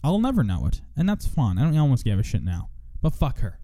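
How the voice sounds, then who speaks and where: A man's voice: medium pitch, huge pitch swings, a little fast, dark tone. A young man hosting a solo podcast, venting in a profane, rambling monologue full of restarts. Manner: profane, rambling, self-interrupting. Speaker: podcast host.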